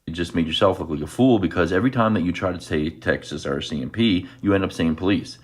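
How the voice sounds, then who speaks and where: A man's voice: sits low, fast talker. A man in a played clip arguing his case point by point. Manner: argumentative, point-by-point.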